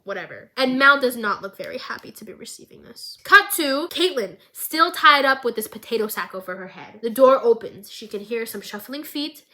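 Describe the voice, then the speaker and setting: A woman's voice: a little high, pushed and bright. A woman vlogger giving a casual, chaotic show recap with jokey, rambling asides.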